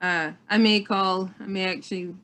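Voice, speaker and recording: A woman coaching motorcycle riders, chatting on a video call in a friendly, animated way and often repeating herself. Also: mid-range voice, normal speed. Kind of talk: casual video call chat.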